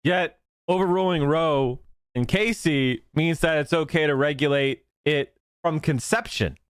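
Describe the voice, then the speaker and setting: A man's voice: fairly high pitch, a little slow, clear, resonant tone, dry recording. A man hosting a casual reaction stream, blunt and profane, thinking aloud as he looks things up. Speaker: stream host reacting to a clip.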